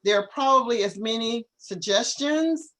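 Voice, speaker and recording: A woman teaching an online English class, patiently correcting students and modelling words slowly over a video call. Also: fairly high pitch, expressive, fairly bright tone.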